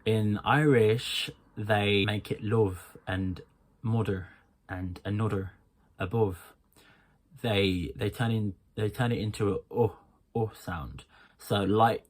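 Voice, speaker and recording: A man from Birmingham, speaking with its accent, talks through an accent lesson in a relaxed, loose way, full of ums and short restarts. His voice sits a little low, and he keeps breaking off to say sample words aloud. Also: unhurried. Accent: Birmingham English. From England. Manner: loose and chatty, with many ums, breaking off to demonstrate sounds. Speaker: accent coach. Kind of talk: casual accent tutorial.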